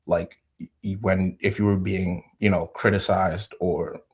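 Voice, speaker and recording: A very deep, gravelly man calls in after a long shift, speaking low and flat as he rambles through his point with lots of "like." His husky voice sounds a bit off the mic. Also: measured pace. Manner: rambling, many filler likes, speaks low. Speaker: caller. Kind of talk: casual call-in discussion.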